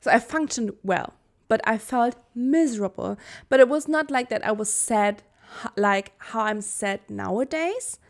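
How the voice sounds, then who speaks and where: A woman's voice: fairly high pitch, expressive, measured pace, gravelly. A young woman from Germany explaining a personal-growth topic in a video lesson, earnest and candid, correcting her own slips with a laugh. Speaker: Human Design teacher.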